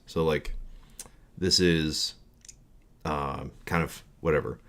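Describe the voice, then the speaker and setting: A man's voice: a bass voice, fairly even intonation, slow, a bit bright. A man talking casually on a live coding stream, rambling through his thoughts with many fillers and restarts.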